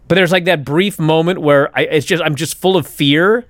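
A young adult man, co-host of a podcast, telling a story in casual chat, animated and swearing as he acts out his own thoughts. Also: on the high side, normal speed, few pauses, dry recording.

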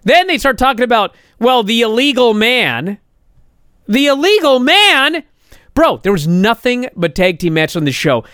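Exasperated man recapping, lively high voice. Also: moderate pace, hardly any pauses, smooth, no room sound, studio quality. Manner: exasperated, sarcastic, rising to indignant outbursts. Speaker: wrestling show reviewer. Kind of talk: casual recap commentary.

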